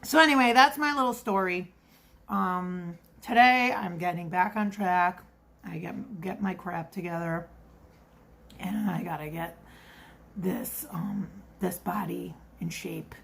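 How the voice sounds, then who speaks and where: A woman's voice: fairly low pitch, slow pace, vocal fry, fairly bright tone. A middle-aged woman telling a rambling story in a casual confessional vlog. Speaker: vlogger.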